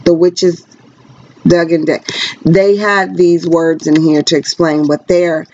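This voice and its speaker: A woman's voice: fairly low pitch, little pitch movement, darkish tone, a little hiss or hum. A woman chattering through a rambling tarot reading. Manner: rambling, chatty, with quick pressured speech; frank and blunt. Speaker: tarot card reader. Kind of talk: casual tarot reading to camera. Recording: dull lo-fi recording.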